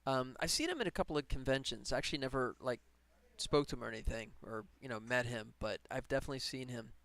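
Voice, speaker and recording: A man's voice: mid-range voice, lively intonation, fast talker, creaky, a bit bright, no room sound. A man game developer chatting casually on a live stream while he works, rambling and laughing often. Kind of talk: casual livestream chat while working.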